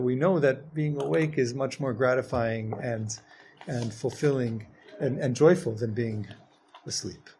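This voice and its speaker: Gravelly-voiced man teaching a Torah class. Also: mid-range voice, a little mellow, slight background noise. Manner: reads Hebrew text fast then explains, rising to emphatic. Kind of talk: Jewish text class.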